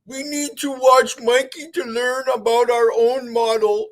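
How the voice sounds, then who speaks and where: A sneering, sing-song globe believer, which a man puts on in a squeaky falsetto. The voice sits far above the man's own pitch and lands on each line with a taunting lilt. It sounds like a livestream with a single speaker. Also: level tone, unhurried. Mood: mocking.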